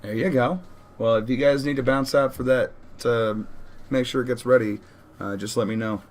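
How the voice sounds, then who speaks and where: A male game master narrating a tabletop session in a loose, rambling way, full of ums and restarts. His voice sits in an ordinary middle pitch for a man. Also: fairly even intonation, normal speed. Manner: casual, rambling, with many fillers.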